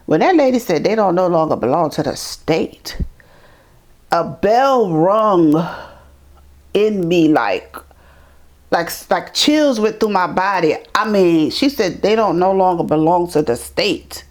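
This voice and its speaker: A middle-aged woman from New York telling her life story in an interview, animated and acting out the people she quotes. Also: lowish voice, normal speed. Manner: animated, acts out quoted voices, repeats words. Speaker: interview guest. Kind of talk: storytelling in conversation.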